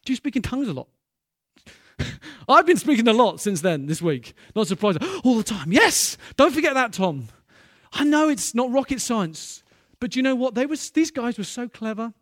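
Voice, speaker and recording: High-voiced preacher, dry close sound. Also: male voice, moderate pace, dry recording. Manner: lively storytelling with bursts of loud excitement. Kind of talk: sermon.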